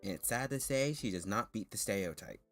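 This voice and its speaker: A man with a deep voice chats to his stream viewers, his pitch swinging animatedly as he rambles. He laughs often, trips over restarts and sounds a bit nervous, with faint music playing underneath. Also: lively intonation, fairly quick. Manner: self-consciously nervous. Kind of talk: casual chat with viewers.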